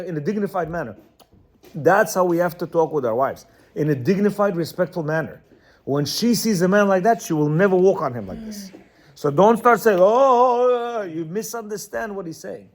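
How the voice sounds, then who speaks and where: Emphatic man teaching a men's class. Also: sits high. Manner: repetitive, keeps asking "you understand?"; emphatic, lively, acts out quotes. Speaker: marriage teacher for men. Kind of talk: informal lecture to a class.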